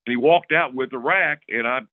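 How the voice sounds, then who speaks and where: A man, a podcast guest, telling a long story in a casual, lively way and acting out the other people's lines. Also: medium pitch, a little fast, dry recording. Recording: tinny phone-like dry recording.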